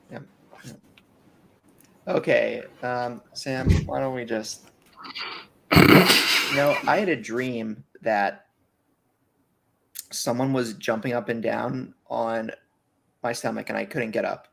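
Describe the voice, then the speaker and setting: Gravelly-voiced male podcast co-host. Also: medium pitch, a bit bright, slight background noise. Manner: joking, meandering storyteller. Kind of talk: casual podcast chat.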